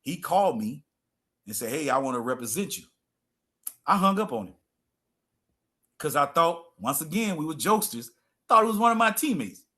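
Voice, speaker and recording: Man, middle-aged, slightly high voice, animated storyteller, repeats himself for emphasis. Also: moderate pace, long pauses. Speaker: guest, former pro football player. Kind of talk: casual storytelling interview.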